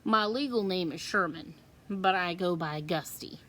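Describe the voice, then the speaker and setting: A woman voicing an easygoing, friendly middle-aged father with a relaxed, chuckling manner. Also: lowish voice, measured pace.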